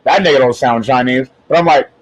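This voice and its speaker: A man hosting a podcast in casual chat, animated and rambling, laughing often as he tells stories. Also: mid-range voice, a little fast, noisy background. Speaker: podcast host.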